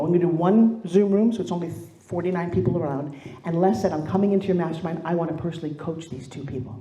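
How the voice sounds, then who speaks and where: Woman, motivational speaker, warm mellow voice, lively storytelling, echoey room. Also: low-pitched. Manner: animated storytelling, acts out quoted voices. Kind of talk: motivational keynote speech. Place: stage in a large room.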